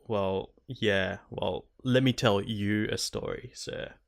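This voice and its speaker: A man's voice: lowish voice, fairly even intonation, takes it slowly, creaky. A young man co-hosting a gaming podcast in casual, sweary banter. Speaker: podcast co-host. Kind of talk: casual chat.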